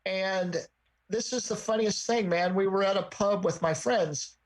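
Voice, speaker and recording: Animated man telling stories. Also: high-pitched, measured pace, rough recording. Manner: storytelling, animated, swears casually. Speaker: host. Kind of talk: casual podcast chat.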